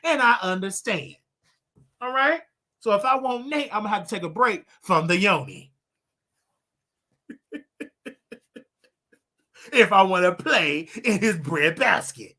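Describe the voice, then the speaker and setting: A man hosting his own livestream show, talking casually in a preachy, animated way with laughing asides. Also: sits high, unhurried, pauses often.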